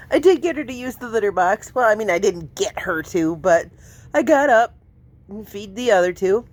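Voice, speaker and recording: A woman's voice: mid-range voice, animated, normal speed. A woman vlogging casually, laughing often and slipping into baby talk with a kitten. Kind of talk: casual vlog chat.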